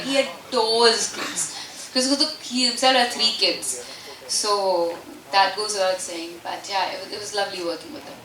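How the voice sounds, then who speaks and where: A woman speaking casually at a press meet, animated and chatty, answering questions with frequent laughter. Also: high-pitched, a little hiss or hum. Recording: echoey hall from far off.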